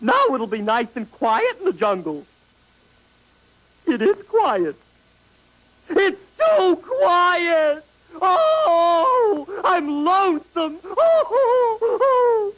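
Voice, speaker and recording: A whiny cartoon elephant, squeaky high. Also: male voice, sing-song, extremely slow, muffled recording, exaggerated voice. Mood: sulky. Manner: dramatic, pleading, tantrum-prone. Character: whiny self-pitying young male elephant. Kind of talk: 1950s cartoon voice acting.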